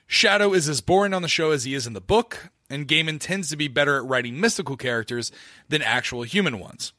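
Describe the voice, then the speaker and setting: Man from Florida, podcast co-host, casual rambling chat, dry close mic, bright tone. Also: a little high, lively intonation, brisk, dry recording. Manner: chatty, loose, many fillers and restarts.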